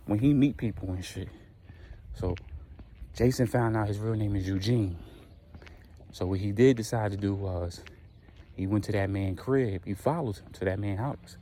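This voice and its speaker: A man casually retelling a dramatic story in slangy, animated speech. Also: on the low side, slight background noise.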